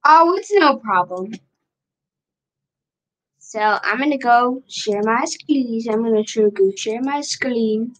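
Casual woman streamer, higher voice with a lot of swing, rambling to herself on stream. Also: expressive, slow, a bit bright, rough recording. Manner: talks to herself while working the screen, repeats questions. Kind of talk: casual live-stream chatter.

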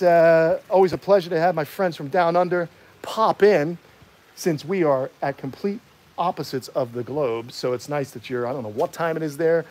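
A man with a New York accent hosting a casual live stream, chatty and excitable, rambling off into asides. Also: medium pitch, echoey room. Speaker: host of a reptile channel.

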